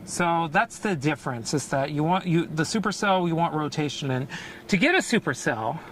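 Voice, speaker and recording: A man live-streaming a storm chase, out of breath, explaining weather in an excited, rambling way with quick laughs. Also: a little high, slight background noise. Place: in and around a car outdoors during a storm.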